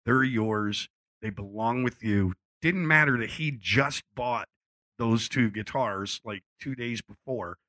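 A middle-aged man telling a casual, animated story, acting out what people said and swearing freely. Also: mid-range voice, slow, no echo. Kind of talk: casual anecdote.

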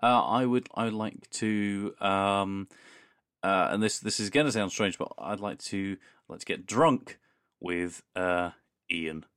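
A man's voice: low voice, slow pace, a bit bright, clean tone, no room sound, clean studio sound. A man co-hosting a podcast in casual chat, reading listener emails aloud with playful, wry asides and frequent laughter. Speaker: podcast co-host.

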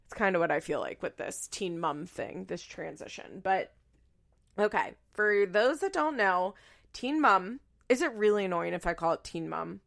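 A woman's voice: on the low side, expressive, normal speed, creaky, a bit bright. A woman in her thirties hosting a casual solo podcast, chatty and self-deprecating, rambling with lots of fillers. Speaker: podcast host.

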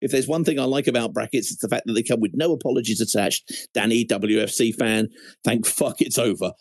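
A man's voice: medium pitch, brisk, husky, no echo. A man hosting a fan podcast, reading listener messages aloud with wry, chatty asides and plenty of self-interruptions. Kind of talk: casual chat.

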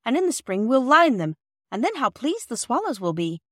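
A shrill little girl who squabbles and sulks, her voice pitched high above the reader's own, as a woman reading a storybook puts her on. She sounds bossy and indignant, recorded close and dry. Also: sing-song, a little fast, no room sound. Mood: eager.

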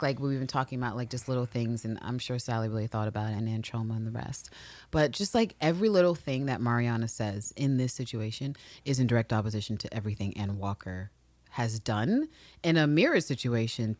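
A woman's voice: very deep voice, no echo. A woman co-hosting a podcast, recapping a TV show in casual chat. She swears freely and acts out quotes in different voices. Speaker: podcast co-host.

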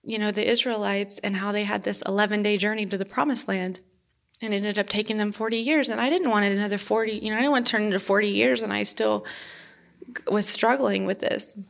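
A woman giving an earnest personal faith testimony, halting and restarting as she talks. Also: mid-range voice, fairly even intonation, creaky, fairly bright tone.

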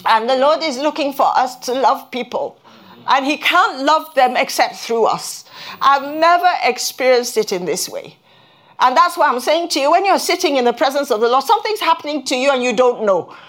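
An earnest woman preaches a sermon that includes her personal testimony, with halting restarts and a voice that rises when she's stirred. It's a high, animated voice with a slightly bright quality.

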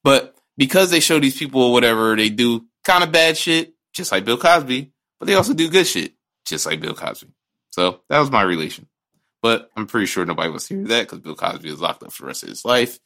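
A man's voice: mid-range voice, very animated, fairly quick, pushed and bright. A man co-hosting a podcast in casual chat, ranting and joking with lots of swearing. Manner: ranting, profane, jokey. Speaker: podcast co-host.

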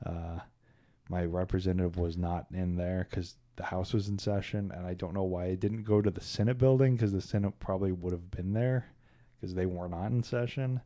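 A man's voice: sits low, steady tone, normal speed, dark tone, dry recording. A man from Kansas City co-hosting a podcast, telling rambling stories in a wry, irreverent way. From Kansas City, USA. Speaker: podcast co-host. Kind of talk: casual podcast chat.

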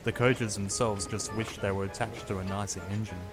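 A man reading a children's story aloud as narrator, in a steady, expressive voice. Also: lowish voice, brisk. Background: background music.

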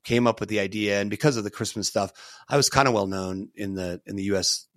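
Low-voiced middle-aged man telling stories. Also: fast talker, no echo, studio quality. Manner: animated, lots of "you know" and "like" fillers, casual swearing. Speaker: podcast guest, entrepreneur. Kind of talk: casual storytelling interview.

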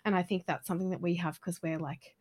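A woman's voice: on the low side, fast talker. Bubbly woman guest. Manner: bubbly and animated, acts out quoted speech. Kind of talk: conversational interview.

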